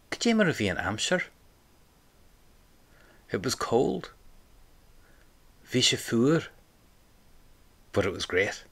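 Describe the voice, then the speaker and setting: A man's voice: medium pitch, fairly bright tone. A man teaching an audio language lesson, patiently prompting the listener and repeating phrases for them to say back.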